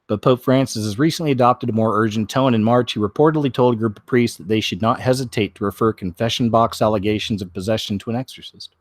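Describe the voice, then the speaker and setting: A man hosting a show, reading news stories aloud, stumbling over words, clearing his throat and adding wry comments of his own. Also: lowish voice, fast talker, dry recording, clean studio sound. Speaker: host.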